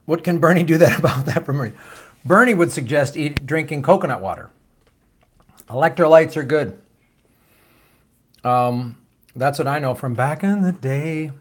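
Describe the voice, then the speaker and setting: A man's voice: a little high, animated, moderate pace, pauses often, husky. A man hosting a live-stream show, reading viewer comments and questions in a loose, joking, profane way. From United States. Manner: loose, jokey and profane, with many fillers and trailing asides. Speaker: host of a political show.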